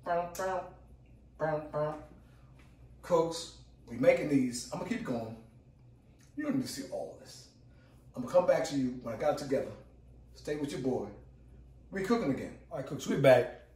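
A man's voice: on the high side, animated, normal speed, long pauses, a little mellow, reverberant, far from the mic. A man hosting a casual cooking demo, hyped and repetitive, calling out to his viewers as he works. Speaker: cooking channel host. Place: home kitchen.

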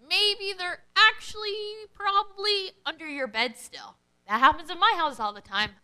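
Bright, lively woman leading kids' worship. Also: high voice, low-quality recording. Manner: animated, sing-song teacher talk to kids. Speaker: children's worship leader. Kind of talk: children's lesson to camera.

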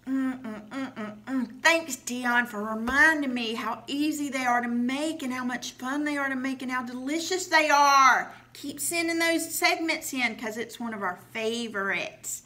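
A woman's voice: high voice, normal speed, hardly any pauses, pushed and bright. A young woman presenting school news, chatty and gushing, saying "like" a lot.

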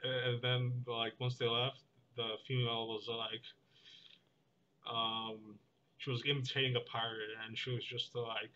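A young man rambles to the camera in a deadpan vlog, circling back with filler words and restarts. His voice sounds bright, and the recording is a bit muffled, with a faint hiss behind him. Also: medium pitch, normal speed. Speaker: vlogger. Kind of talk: rambling monologue.

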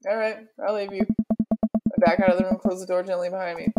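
A woman's voice: fairly low pitch, flat delivery, quick pace, music in the background, rough recording. A woman playing a story game, reading its lines aloud and breaking off with sarcastic, self-mocking asides. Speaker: let's player.

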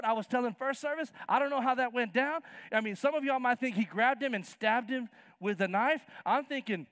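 A man's voice: very high-pitched, a little fast, hardly any pauses, some chatter behind. A man in his fifties preaching a sermon as pastor, acting out Bible characters in casual slang. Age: 50s. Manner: animated, acts out Bible characters in slangy voices. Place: church sanctuary.

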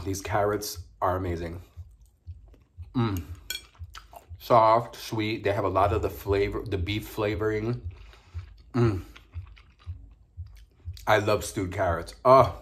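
A man talking casually while eating on his food vlog, savoring each bite with frequent pleased murmurs. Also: fairly low pitch. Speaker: mukbang vlogger.

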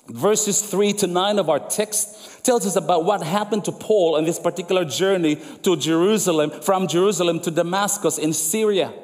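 A man preaching a sermon as pastor, emphatic and repetitive, going soft and low when quoting scripture. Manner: emphatic preaching, repeats phrases for effect, drops soft and low for quoted words. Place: church sanctuary. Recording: long church hall reverb.

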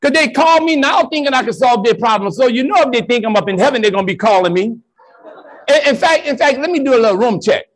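Lively high-voiced New priest. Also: male voice, fast talker. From New Orleans. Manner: animated, joking, plays to the crowd. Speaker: Catholic priest and speaker. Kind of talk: comic storytelling talk to educators.

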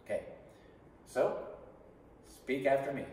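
A man's voice: mid-range voice, very animated, slow pace, darkish tone, a little hiss or hum. A man teaching an online English class, patiently drilling sentence patterns for students to repeat. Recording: echoey room from a distance.

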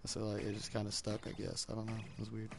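A man's voice: fairly low pitch, monotone, fast talker, creaky. A man giving casual, rambling commentary while playing a match, mocking himself and saying dude a lot. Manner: rambling and self-mocking, says dude often. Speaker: gamer streaming his match. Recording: loud background noise.

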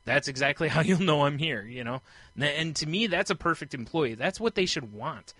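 Bright-voiced man chatting on a podcast. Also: fairly high pitch, a little fast, no room sound. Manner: animated storytelling, acts out quoted voices. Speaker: podcast co-host. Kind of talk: casual chat.

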